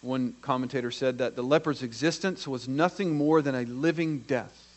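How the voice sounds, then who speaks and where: A man preaching a sermon, acting out quoted voices and swinging from hushed to loud. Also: mid-range voice, moderate pace. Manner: dramatic, acts out the quoted voices.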